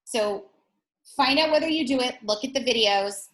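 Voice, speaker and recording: A woman instructor teaching an online presentation workshop over a video call, speaking in a direct and energetic way with frequent restarts. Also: a little high, moderate pace, reverberant, rough recording.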